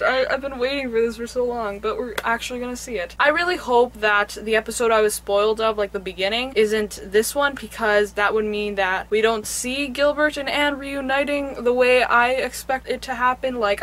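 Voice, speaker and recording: A woman's voice: a little high, a bit bright. A young woman hosting a reaction video, gushing and squealing with bursts of laughter. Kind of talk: excited reaction commentary.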